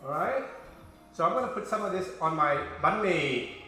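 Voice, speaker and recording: A playful, talkative man walks his viewers through a recipe in his home kitchen. His voice sits a little high and sounds bright and forceful. The kitchen is very echoey, and faint music plays underneath. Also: lively intonation, moderate pace. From Vietnam. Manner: chatty, playful, talks to viewers as boys and girls. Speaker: home cook host. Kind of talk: casual cooking demonstration.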